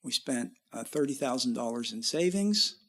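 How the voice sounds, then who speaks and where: A man's voice: medium pitch, normal speed. A middle-aged man, a musician guest, telling long rambling stories in a casual interview. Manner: rambling, animated when quoting others.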